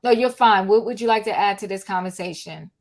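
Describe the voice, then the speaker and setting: A woman's voice: medium pitch, fairly quick. Chatty older woman hosting a talk room. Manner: chatty, earnest, lots of fillers. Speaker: host of a live audio chat room. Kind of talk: casual live talk show. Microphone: online audio room.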